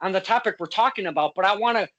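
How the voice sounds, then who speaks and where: A woman hosting a casual interview. Her voice is bright and forceful, and she talks bluntly, swearing freely and circling back on her words. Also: mid-range voice, racing, lo-fi sound. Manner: blunt, swears, passionate, many restarts. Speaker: interview host.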